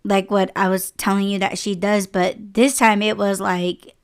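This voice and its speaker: Slow-talking emotional woman podcaster. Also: mid-range voice, level tone, clear, resonant tone. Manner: emotional, close to tears, many fillers and restarts. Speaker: podcast host. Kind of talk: casual personal storytelling.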